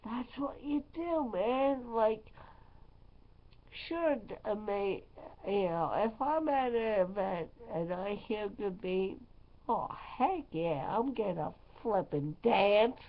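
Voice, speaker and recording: A woman's voice: medium pitch, expressive, slow. A woman DJ talking in a casual vlog, rambling and emphatic with lots of fillers. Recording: slightly dull lo-fi sound.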